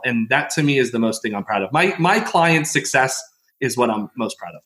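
Animated middle-aged male storyteller. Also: medium pitch, fairly quick. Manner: animated storyteller, laughs often, acts out quotes. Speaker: podcast guest, mindset coach. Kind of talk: casual interview storytelling.

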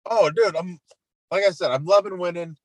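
A man co-hosting a casual sports podcast, talking about his football team in a chatty, relaxed, self-deprecating way. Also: high-pitched, moderate pace, no room sound. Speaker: podcast co-host.

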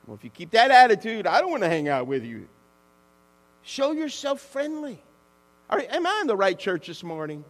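A male pastor preaching an animated, conversational sermon that calls out to the congregation. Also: high-pitched, moderate pace, pauses often, big-room sound.

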